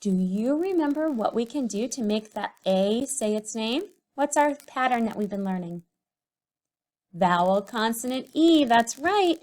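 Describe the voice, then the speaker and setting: A woman teacher giving a recorded writing lesson to young children, speaking slowly and sounding out syllables and letters. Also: a little high, lively intonation, a little mellow. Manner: slow, sing-song, sounds out syllables and letters.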